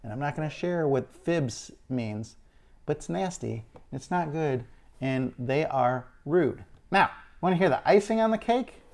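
A man's voice: a little high, measured pace. Man telling an exasperated story. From Illinois, USA. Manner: animated, exasperated retelling. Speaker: speaker. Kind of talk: personal storytelling.

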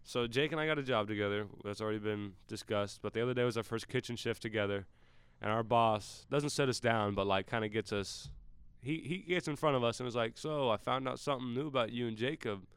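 A man's voice: on the low side, fairly quick, few pauses, clear, resonant tone, no echo. A teenage boy co-hosting a school podcast, telling a story about his work shifts in a classroom studio. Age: teens. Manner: storytelling, laughing, shouts order calls in bursts. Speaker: podcast co-host. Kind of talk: casual chat. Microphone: studio mic.

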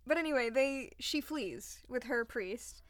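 Young woman podcast host rambling through a story, kinda high voice, dead dry mic. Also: expressive, a little slow, no room sound. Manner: chatty, lots of "like", acts out quotes. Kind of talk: casual storytelling chat.

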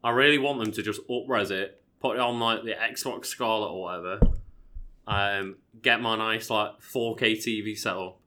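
A man's voice: fairly low pitch, fairly even intonation, moderate pace, background noise. A man co-hosting a podcast, jokey and prone to laughing, and he swears freely. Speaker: podcast co-host. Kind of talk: casual podcast chat.

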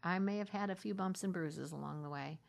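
A middle-aged woman minister telling her story in a heartfelt conversational way, sinking into a soft half-whisper at tender moments. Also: lowish voice, a little fast, gravelly.

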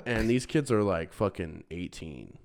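Deep-voiced man telling a story. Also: measured pace, gravelly, clear, resonant tone. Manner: animated storyteller, swears freely, laughs at his own tales. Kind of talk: casual storytelling chat.

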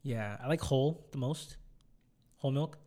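A man's voice: medium pitch, moderate pace, mellow. Young man telling stories. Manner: rambling storyteller, acts out quotes. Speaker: podcast host. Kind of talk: casual chat.

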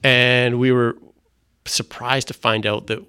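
A man's voice: mid-range voice, flat delivery, bright, forceful tone, clear, resonant tone, no room sound, studio quality. A middle-aged man, earnestly telling his faith testimony in a conversation, often restarting his sentences. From Canada. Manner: earnest, halting, with frequent restarts. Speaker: guest sharing a faith testimony.

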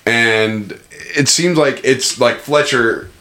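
A man's voice: medium pitch, slow, pushed and bright. Man recapping scenes in an echoey room. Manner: recaps scenes blow by blow, profane. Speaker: podcast co-host. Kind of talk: casual chat. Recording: echoey room, faint noise.

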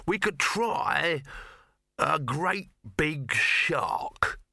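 A man's voice: fairly high pitch, animated, unhurried, gravelly, bright, forceful tone, no room sound, clean studio sound, pitched above the performer's own voice, full character voice. A man voicing a pushy, scheming film producer who talks in soapy tones with a hint of menace. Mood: musing. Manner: soapy and menacing, full of sales talk.

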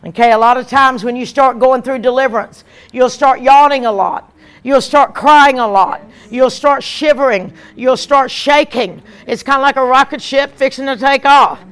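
A woman evangelist, preaching an emphatic, animated sermon with repeated lines. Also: high voice, normal speed, smooth.

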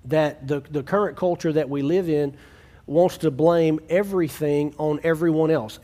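Male pastor, slightly raised pitch, conversational sermon delivery, restarts, plays out little quoted dialogues. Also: a little mellow. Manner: earnest, conversational preaching with frequent restarts; acts out quoted family dialogue.

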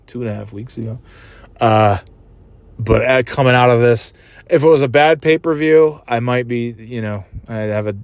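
A man's voice: medium pitch, darkish tone, no room sound. A man casually rambling as a vlogger, swearing a lot, laughing often and making goofy sound effects. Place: just left a wrestling event in a city.

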